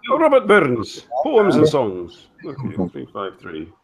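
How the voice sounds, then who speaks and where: A man's voice: mid-range voice, huge pitch swings, measured pace, crowd noise. An older man hosting a casual online hangout, talking in a self-mocking way and tripping over his words. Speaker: host of a weekly online hangout. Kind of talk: casual chat.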